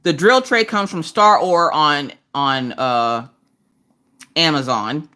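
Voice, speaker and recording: Her voice slow, pushed and bright, a woman hosts a diamond-painting live stream and chats casually while she crafts. She's joking and self-deprecating, breaking into squeaky high voices whenever she greets viewers.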